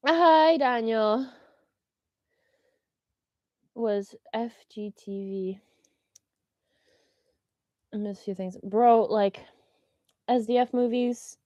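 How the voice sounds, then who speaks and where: A woman in her early twenties hosting a casual solo podcast, rambling and excitable and slipping into meme voices. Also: fairly high pitch, extremely slow, long pauses, no room sound. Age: 20s. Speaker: podcast host. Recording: dull lo-fi dry sound.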